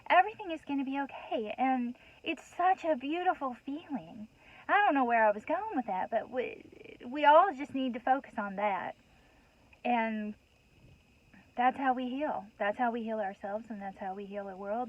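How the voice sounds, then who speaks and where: A woman's voice: fairly high pitch, dry recording, muffled recording. A woman giving a heartfelt spiritual talk to her viewers, earnest and rambling, with many restarts and "you know"s, emotional and a bit worked up. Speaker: host.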